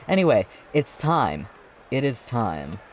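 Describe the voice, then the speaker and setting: Slow-talking man streamer thinking aloud. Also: mid-range voice, very animated, slight background noise. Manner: giggly, thinks aloud with restarts. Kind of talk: casual gameplay commentary.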